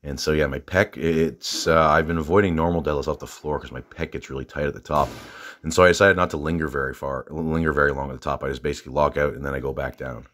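A man's voice: rumbling low, steady tone, fast, fairly bright tone. A man with a Southern US accent, casually vlogging about his gym training, rambling with lots of fillers and restarts and a little out of breath. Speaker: fitness vlogger.

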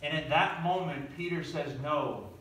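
A man's voice: sits high, moderate pace, a little hiss or hum. Guy preaching, keeps asking the crowd stuff, sounds far off in a big echoey church. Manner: animated, asks the audience questions. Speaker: pastor. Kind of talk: sermon storytelling. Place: church sanctuary.

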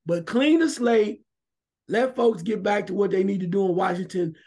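High-pitched male radio co-host, loud, emphatic sports opinions. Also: normal speed. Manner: animated, emphatic, shouts at times.

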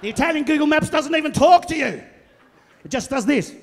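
A middle-aged man doing a loud, animated stand-up comedy routine, shouting punchlines and putting on quoted voices. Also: very high-pitched, a little fast. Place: large theatre stage. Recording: live theatre with long reverb.

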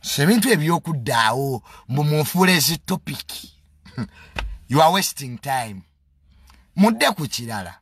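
Ugandan guy doing a cocky joking rant, mixes in english, kinda high voice, bouncy pitch. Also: sing-song, unhurried, pauses often, a bit bright, slight background noise. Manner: mocking, boastful, mixes English into his speech. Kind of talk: casual comedic monologue.

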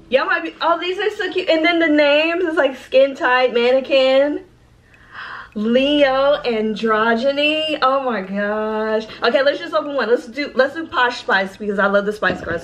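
Bubbly excitable woman unboxing on camera. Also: sits high, lo-fi sound. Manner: bubbly, excitable, talks straight to viewers as "y'all". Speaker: beauty vlogger. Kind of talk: casual unboxing vlog.

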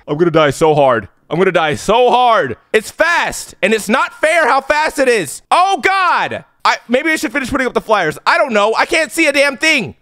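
A man playing a horror game and commenting nervously, yelling when scared and joking to cover his fear. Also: very high voice, big pitch swings, moderate pace, few pauses, no room sound, clean studio sound. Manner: yells and screams when scared. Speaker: let's play gamer.

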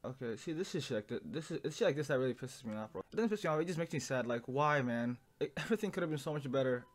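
A young man reacting to an anime episode in casual commentary, emotional and swearing, swinging from low muttering to loud outbursts. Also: lively intonation, racing.

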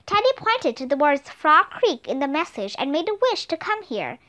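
A woman reading aloud and voicing a gentle enchanted selkie girl in a storybook, soft and formal. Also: high voice, big pitch swings, normal speed, full character voice.

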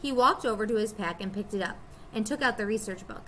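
Bright-voiced teacher reading aloud. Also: female voice, mid-range voice, quick pace, a little hiss or hum. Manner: expressive, storytelling. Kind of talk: reading a children's chapter book aloud.

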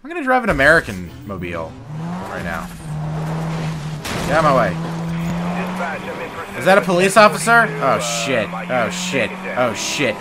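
A man doing comedic gameplay commentary, rambling deadpan jokes broken by sudden loud shouts. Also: mid-range voice, moderate pace, long pauses, noisy background. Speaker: gaming video host. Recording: loud racing game sound over voice.

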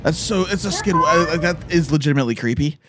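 A man streaming casual reaction commentary on memes, excitable and loud at times. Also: a little high, fast, heavy background noise. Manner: excitable, shouts and laughs at clips.

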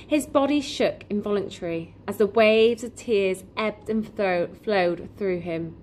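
A woman reading a children's novel aloud in an expressive, lively storytelling manner. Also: medium pitch, measured pace, slight background noise. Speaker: reader.

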